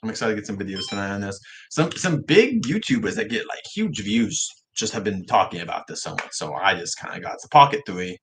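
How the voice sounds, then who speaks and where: A young man whose R's come out soft, like W's, chatting casually on a livestream vlog with frequent restarts. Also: on the low side, big pitch swings, a little fast, a little hiss or hum. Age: young adult. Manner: rambling, self-correcting talk with frequent restarts. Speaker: livestream vlogger.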